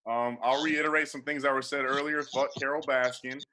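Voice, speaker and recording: A man's voice: mid-range voice, flat delivery, fairly quick, pushed and bright. A young man doing a loose, profane stand-up comedy set over a video call, laughing at his own jokes.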